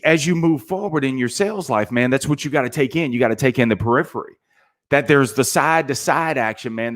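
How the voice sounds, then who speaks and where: A middle-aged man delivers a motivational talk in a casual, preachy way, often tossing in "man". His pitch sits in an ordinary middle range. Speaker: sales motivational speaker.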